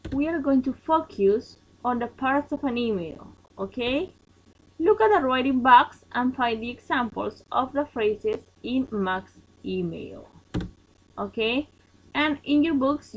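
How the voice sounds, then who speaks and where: A woman teaching an online English class, a Spanish speaker, explaining each point slowly and checking in with "okay?" and "yes?". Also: a little high, low-quality recording.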